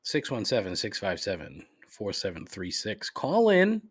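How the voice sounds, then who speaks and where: A man's voice: deep voice, normal speed, a bit bright, breathy edge. A man hosting a solo podcast, reading off a menu and ranting with plenty of swearing. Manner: profane, exasperated ranting. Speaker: podcast host. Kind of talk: solo comedic complaint podcast.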